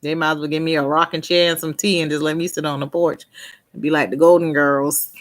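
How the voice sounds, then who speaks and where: A woman's voice: deep voice, flat delivery, fast. Chatty, laughing woman on a live stream. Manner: chatty, laughs often, trails off and restarts; replies to viewers' comments by name. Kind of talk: casual live-stream chat.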